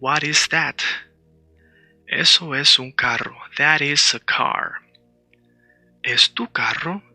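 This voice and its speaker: Bright, gravelly male language teacher. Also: fairly high pitch, dry recording, low-quality recording. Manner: patient, explains step by step and repeats words slowly. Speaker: Spanish teacher. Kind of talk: beginner language lesson.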